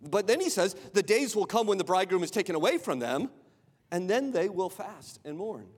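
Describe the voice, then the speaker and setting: A man with a noticeably high voice preaches a sermon in a church sanctuary, chatty and direct, checking in with rhetorical questions and stumbling over repeated words. His voice trails off into a long, ringing hall reverb. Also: very animated, a little fast, slightly rough. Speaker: pastor.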